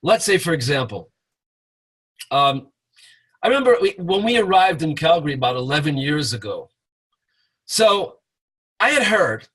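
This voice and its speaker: Casting: husky, slightly high-voiced man, relaxed storytelling teacher on a webinar call. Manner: storytelling with acted chanting. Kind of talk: informal teaching talk. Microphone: webinar call mic.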